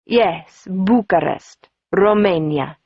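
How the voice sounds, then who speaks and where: A woman voicing a frail, bony elderly male butler who speaks slowly and courteously with a thick foreign accent. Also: fairly low pitch, slightly rough, no room sound. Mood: dry. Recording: dull, muffled audio.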